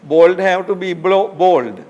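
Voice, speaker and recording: A man's voice: high voice, slow pace, darkish tone, dull audio. A male professor giving a patient lecture, explaining points with asides and checking that students follow. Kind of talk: lecture on research writing. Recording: long hall reverb.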